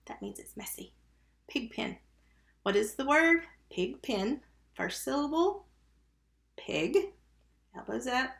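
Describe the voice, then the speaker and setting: A woman's voice: on the high side, gravelly, fairly bright tone. A woman teaching a recorded first-grade phonics lesson, patiently sounding out syllables and letters one by one. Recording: roomy, echoey recording.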